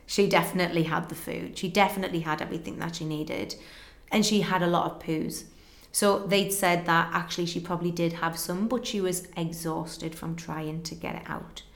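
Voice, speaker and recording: A young woman, a guest in an interview, earnestly tells a personal story and acts out conversations in quick back-and-forth. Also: lowish voice, fairly even intonation, gravelly. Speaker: guest telling her story. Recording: roomy echo.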